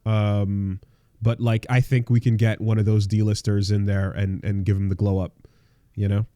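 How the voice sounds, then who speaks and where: A man's voice: lowish voice, flat delivery, moderate pace, mellow, no room sound, clean studio sound. A man co-hosting a casual podcast, rambling and swearing, with lots of fillers and restarts. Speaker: podcast co-host.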